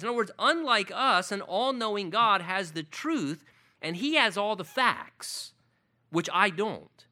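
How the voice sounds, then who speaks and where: A man's voice: high-pitched, lively intonation, moderate pace, pushed and bright. A male pastor preaching an earnest sermon, building to emphatic peaks and repeating key words.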